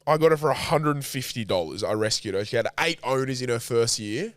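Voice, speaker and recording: A man's voice: mid-range voice, expressive, brisk, fairly bright tone, no echo, clean studio sound. A man, a podcast co-host telling an emotional story in casual chat, rambling and swearing freely.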